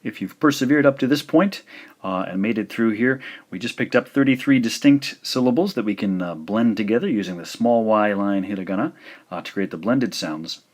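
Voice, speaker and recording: Low-pitched male language teacher, patient and methodical, repeats each example word for practice. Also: animated. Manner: slow, careful demonstrations with repeated words. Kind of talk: scripted lesson narration.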